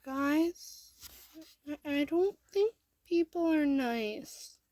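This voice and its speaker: A woman voicing a small, frightened child who speaks haltingly and tearfully, in a fan story reading. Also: sits high, animated, warm tone, no room sound, pitched above the performer's own voice, full character voice.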